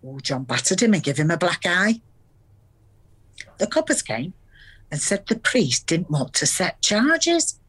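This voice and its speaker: A woman's voice: on the low side, big pitch swings, a bit bright, slightly rough, full character voice. An actress playing an older Salford grandmother with a Salford accent, who tells earthy stories from the past with plenty of laughs. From Salford, England. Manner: storytelling, earthy, quick to laugh. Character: warm chatty Salford grandmother with dementia.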